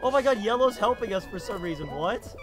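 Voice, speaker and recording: A young man streaming a party game with a friend, excitable and swearing, yelling when things go wrong. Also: high voice, fairly quick, music in the background. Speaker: gaming streamer. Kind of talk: casual gaming chat with a friend.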